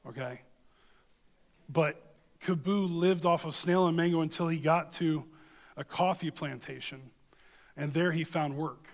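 A man's voice: fairly high pitch, long reverb tail. A man preaching a sermon, reading scripture and telling a story, earnest and emphatic, often checking in with listeners.

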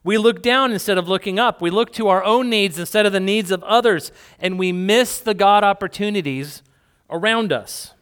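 A man's voice: high voice, moderate pace, a bit bright, clear, resonant tone. A man preaching a sermon to a congregation in a church hall, conversational and playful, with asides to the people in front of him. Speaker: pastor.

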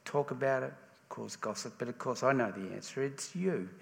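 A man's voice: medium pitch, moderate pace, creaky. An Australian man giving a sermon in a conversational way, often restarting his sentences. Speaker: preacher. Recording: reverberant church hall.

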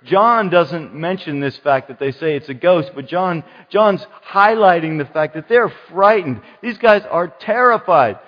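Male pastor, sermon, animated storyteller, slightly high voice, echoing church hall, muffled. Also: unhurried, hardly any pauses. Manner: animated, acts out quoted voices. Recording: muffled church hall sound with long reverb.

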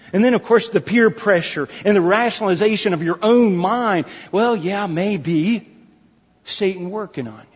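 Emphatic preacher, dull echoing hall. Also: male voice, high-pitched, husky. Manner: emphatic, repeats key phrases; addresses the congregation as folks. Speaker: pastor. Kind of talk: sermon. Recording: dull reverberant hall recording.

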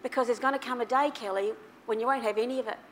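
A woman preaching a sermon to her church, telling a personal story with big swings between soft, quiet passages and loud, excited ones. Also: a little high, racing, slight background noise. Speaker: pastor.

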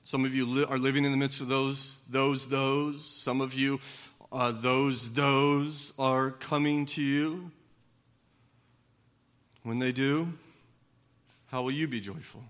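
A man preaching a sermon as pastor, moving from quiet, low reflection to loud, emphatic passages, with frequent repeated words and conversational asides. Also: little pitch movement, takes it slowly, long pauses.

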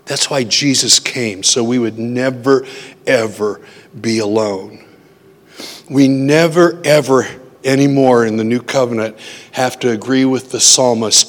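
A medium-pitched man speaks a little slowly as he preaches in a conversational way, frequently asking his listeners questions. His voice echoes with long hall reverb.

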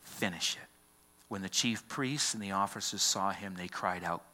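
A man preaching a sermon as pastor in a church. He delivers it dramatically, swinging from loud declarations down to a hushed near-whisper. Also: low-pitched, normal speed.

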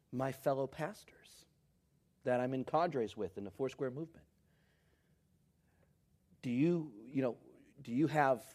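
A man preaching a sermon, swinging between shouted lines and near whispers. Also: mid-range voice. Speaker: pastor.

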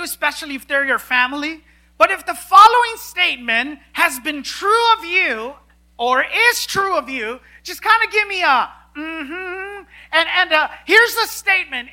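A woman preaching a sermon in an animated, joking, emphatic way. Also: extremely high pitch, unhurried.

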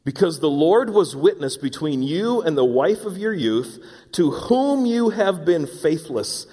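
A man delivers an earnest, dramatic sermon, reading scripture and slipping into sighing voices to make his point. His voice sits a little high. The sound carries a long reverb from a large hall. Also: big pitch swings, measured pace, warm tone. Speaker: preacher.

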